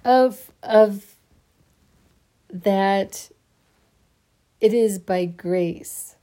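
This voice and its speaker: A sleepy, yawning woman musing on faith in a halting, casual way, often restarting her sentences. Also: mid-range voice. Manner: slow, halting, restarts often, soft laughs.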